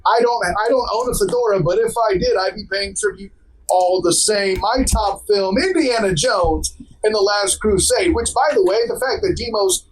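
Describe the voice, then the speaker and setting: A high-voiced man in casual podcast chat, wisecracking and teasing his co-host. There is a faint hiss of noise behind his voice. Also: moderate pace, low-quality recording.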